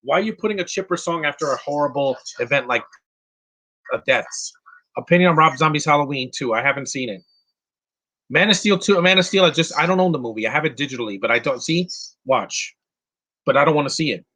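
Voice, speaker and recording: A man's voice: a little high, expressive, fast talker, bright, forceful tone. A man giving casual live commentary on a movie, answering chat questions bluntly with frequent restarts and fillers. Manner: opinionated, blunt, insulting.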